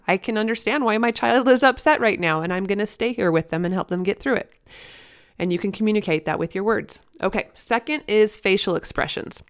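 A woman's voice: mid-range voice, clean tone. A woman hosting a parenting podcast, talking earnestly and encouragingly in a casual, conversational way with fillers. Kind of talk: solo podcast advice talk.

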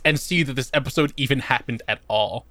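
A man's voice: mid-range voice, brisk, pushed and bright, no echo. A man co-hosting a comedy podcast, joking and swearing with friends in casual chat. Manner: laughing, swearing, puts on silly character voices. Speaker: podcast co-host.

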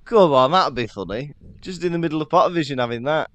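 A man's voice: on the high side, quick pace. A man co-hosting a podcast, chatting casually and jokily and laughing often. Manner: jokey, animated, laughs often. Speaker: podcast co-host. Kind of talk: casual chat.

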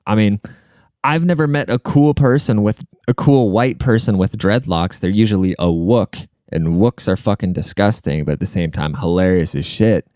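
A man's voice: on the low side, moderate pace, dark tone, clear, resonant tone, dry recording, clean studio sound. A young man ranting casually, profane, sarcastic and rambling, stopping to look things up as he talks. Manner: looks things up mid-talk. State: short of breath at times. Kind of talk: casual rant.

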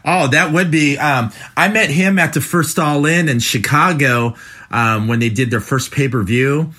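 Bright-voiced man in his forties, hosting. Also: on the high side, a little slow. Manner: easygoing, fillers like um. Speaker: podcast host. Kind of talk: casual interview chat.

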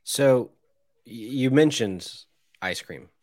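A man's voice: mid-range voice, expressive, takes it slowly, darkish tone, no echo. A man co-hosting a comedy podcast, throwing in dry, teasing quips and trivia. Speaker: podcast co-host.

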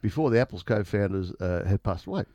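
Lively, chuckling radio man. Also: lowish voice, fast, no echo. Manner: chuckles often, animated, stumbles into stories. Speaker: radio co-host. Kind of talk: casual radio banter.

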